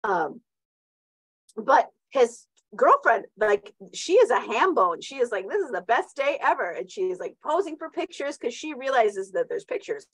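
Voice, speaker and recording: A woman's voice: a little high, very animated, measured pace, breathy edge, no room sound, rough recording. Middle-aged woman giving a motivational talk, rambly and chatty, keeps asking right?, very dry close mic. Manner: chatty, many restarts and tag questions. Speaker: host.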